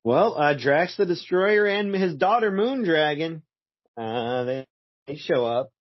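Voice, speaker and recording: A man's voice: fairly high pitch, expressive, measured pace, no room sound, dull audio. A man co-hosting a podcast in casual chat, chiming in with wry asides and frequent laughter. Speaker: podcast co-host.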